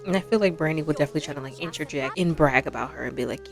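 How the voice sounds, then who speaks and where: A woman's voice: low voice, racing, vocal fry, hardly any pauses, over music. A young woman hosting a game let's play, chatting casually and laughing as she talks to the characters.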